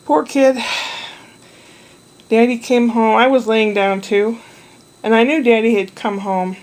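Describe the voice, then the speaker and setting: A woman's voice: fairly high pitch, steady tone, a little slow, a little mellow, poor audio. A woman chatting in a rambling, meandering way about her day looking after a toddler. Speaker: vlogger caring for a toddler. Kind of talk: rambling casual chat.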